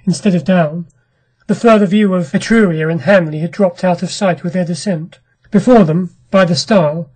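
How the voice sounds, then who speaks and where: A storyteller reads a classic short story with measured, dramatic pacing. The voice is husky and mid-pitched. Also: a little mellow, low-quality recording. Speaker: narrator of classic short stories. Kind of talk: scripted audiobook narration.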